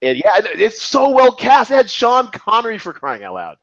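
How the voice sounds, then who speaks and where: A man's voice: high-pitched, moderate pace, vocal fry, no room sound, highs cut off. A man in his forties hosting a podcast, chatting casually about movies, rambling with restarts and swearing. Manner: animated, profane, rambling with restarts. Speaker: podcast host.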